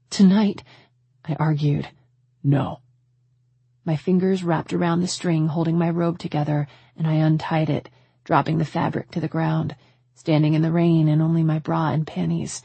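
A woman reads a first-person romance audiobook with an intimate, emotional delivery. Her voice is husky and low, with a gravelly fry. The recording is dry and close. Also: level tone, moderate pace, dark tone, no room sound. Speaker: audiobook narrator.

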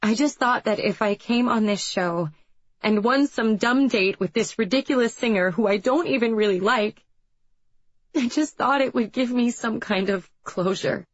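A woman's voice: fairly high pitch, moderate pace, no echo, dull audio, voice pushed up, lightly acted. A woman voicing a fragile young female contestant, speaking in a choked, tearful way.

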